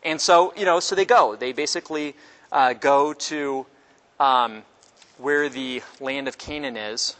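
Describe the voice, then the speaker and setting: Unhurried and fairly bright in tone, a Bible study teacher gives a casual lecture, chatting with the class, putting questions to them, and performing quotes with leaps in pitch.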